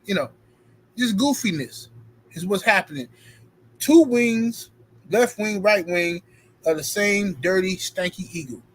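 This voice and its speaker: A man's voice: high-pitched, a little slow, long pauses, rough recording. A man hosting a live stream, talking casually and reading viewer super chats aloud with emphatic, playful banter. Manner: animated, reads out super chats and thanks donors; emphatic, playful street talk.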